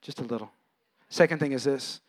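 A man in his thirties or forties preaching a sermon, animated, acting out voices with big swings in pitch. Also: brisk. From California. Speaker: pastor.

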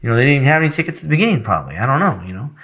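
A man's voice: medium pitch, big pitch swings, rapid-fire, fairly bright tone. A middle-aged man in casual chat, teasing and swearing as he tells stories. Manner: profane, storytelling, teasing.

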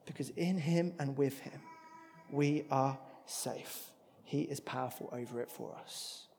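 A man preaching a sermon, expressive, moving between loud emphatic passages and hushed ones. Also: mid-range voice, a little slow, vocal fry, slight background noise.

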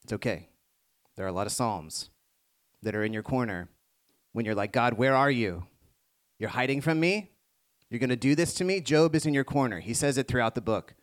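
A man preaching a sermon in a mid-range voice. He moves between hushed, reflective passages and rising, emphatic lines, speaking directly to his listeners. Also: mid-range voice, expressive, moderate pace, long pauses. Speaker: pastor.

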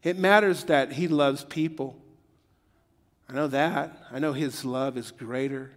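A man's voice: mid-range voice, measured pace, big-room sound. A middle-aged man preaching a sermon in a joking, conversational way that builds to emphatic peaks. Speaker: pastor.

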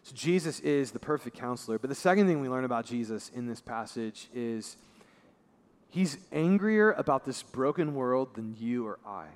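A male pastor giving a sermon in a conversational way, dropping his voice low and soft for emphasis. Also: expressive, normal speed. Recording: long reverb of a large hall.

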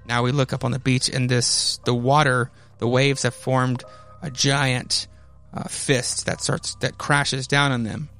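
A man's voice: medium pitch, level tone, unhurried, fairly bright tone. A man hosting a podcast, casually recapping a comic with rambling asides and many fillers. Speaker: podcast host.

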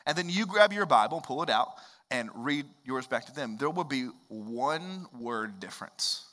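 A man, preaching a sermon in a conversational way that swings up into loud, emphatic rises. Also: medium pitch, expressive, moderate pace. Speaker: pastor.

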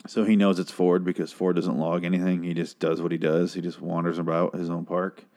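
A man's voice: sits low, little pitch movement, a little fast, darkish tone. A man casually recapping a TV episode, rambling, sarcastic and swearing freely.

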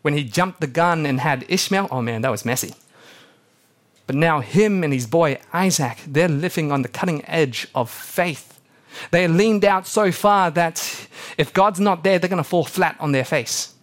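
A young male pastor preaching with a fairly high voice that keeps jumping in pitch as he acts out the voices of those he quotes. His delivery is lively and storytelling, sometimes rushing ahead and sometimes slowing right down. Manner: animated storytelling, acting out quotes. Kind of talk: sermon.

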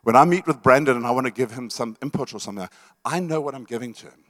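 A man's voice: medium pitch, quick pace, a bit bright. A middle-aged man, a pastor, preaching to a church meeting in an emphatic, conversational way, often repeating words and asking the room questions. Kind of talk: sermon teaching.

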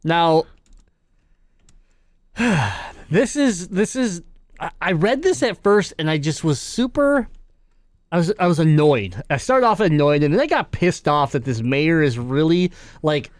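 A man's voice: fairly high pitch, lively intonation, measured pace, long pauses, dry recording, studio quality. A man co-hosting a gaming podcast in loose, joking banter, laughing often and reading quotes aloud. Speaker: podcast co-host.

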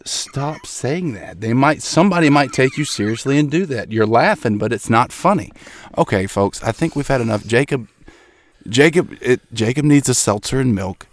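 A man hosting a comedic podcast from a small closet, exasperated and pleading for everyone to calm down. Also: medium pitch, normal speed. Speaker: podcast host. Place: small hot broom closet.

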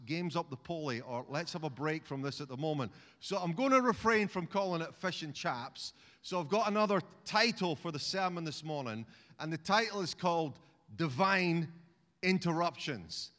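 In a church's large hall, a man preaches a chatty, humorous sermon, often restarting phrases and calling on the congregation to repeat words. His voice is high-pitched with a fairly bright tone.

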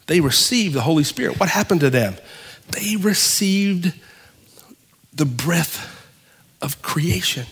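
High-voiced pastor preaching in a hall. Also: male voice, expressive, breathy edge. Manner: preaching with dramatic pauses and swings from loud to hushed. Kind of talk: sermon.

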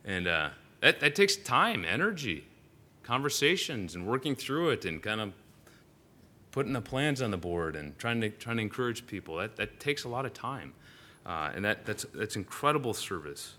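A man's voice: fairly low pitch, very animated, normal speed, sharp tone. A male pastor giving a sermon in a church, telling stories animatedly with frequent "uh" fillers and restarts.

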